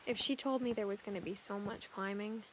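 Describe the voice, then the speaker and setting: A woman voicing a soft-spoken, pregnant young woman who narrates a video game in a hushed, breathy whisper, as a whispered role-play. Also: medium pitch, steady tone, brisk, close to an everyday voice. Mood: wistful. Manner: reflective, quiet storytelling. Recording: recording with clear background noise.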